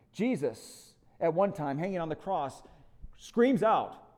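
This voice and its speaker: Telling a story from the pulpit, the lead pastor leans on emphasis and eases down for reflective, quiet stretches. His voice runs on the high side with a sing-song lilt.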